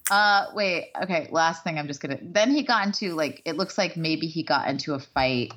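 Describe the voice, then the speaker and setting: A woman's voice: low voice, normal speed, a bit bright. A woman co-hosting a casual podcast, reading celebrity news aloud and joking around. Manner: giggly, reads news stories aloud, jokey impressions. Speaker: podcast co-host.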